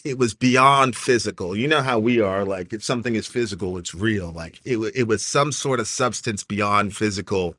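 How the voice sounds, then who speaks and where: A man speaks with a bright, forceful edge in a dry, close sound. He tells a personal story earnestly, stopping and restarting and leaning on filler words as he searches for each phrase. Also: on the low side, moderate pace, few pauses, no echo. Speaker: interview guest. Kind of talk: emotional personal testimony.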